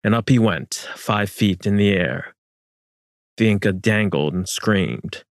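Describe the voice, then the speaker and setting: A man reading historical fiction as narrator in a measured, solemn manner. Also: lowish voice, no echo, clean studio sound.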